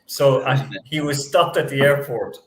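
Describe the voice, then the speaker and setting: A man's voice: medium pitch, a little slow, fairly bright tone. Jokey male radio host, roomy studio. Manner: jokey, laughs often, many fillers. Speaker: radio sports show host. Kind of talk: casual sports quiz chat.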